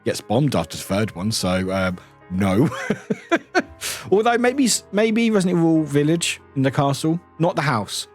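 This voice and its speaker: A man's voice: on the high side, sing-song, unhurried, faint music behind. A man streaming live, chatting casually in a rambling way, swearing offhandedly and laughing often between remarks. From United Kingdom. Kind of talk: casual chat while gaming live.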